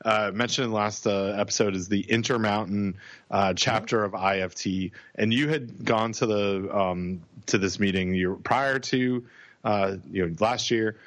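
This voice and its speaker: A man's voice: lowish voice, moderate pace, no room sound. A middle-aged man co-hosting a podcast in casual chat, telling anecdotes and acting out what people said. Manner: animated anecdotes with acted-out quotes. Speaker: podcast co-host.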